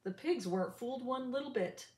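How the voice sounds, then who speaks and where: An older woman reading a rhyming picture book aloud in an animated, sing-song way. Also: on the high side, a little fast, echoey room. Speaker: storybook reader.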